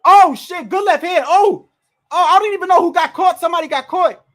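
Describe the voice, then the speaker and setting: Excitable high-pitched fight streamer. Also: fairly quick. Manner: excitable, loud outbursts, frequent slang and cursing; rambling restarts and repeated words. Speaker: livestream host. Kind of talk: casual fight watch-along commentary. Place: indoors at home, wind and street heard outside.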